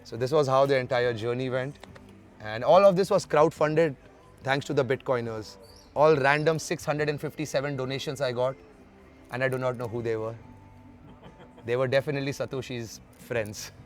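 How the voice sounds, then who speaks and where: A man from India, an interview guest telling travel stories in a lively way and acting out the dialogue. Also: mid-range voice, normal speed, pauses often, faint music behind. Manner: lively storyteller who acts out the dialogue. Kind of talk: storytelling in an interview.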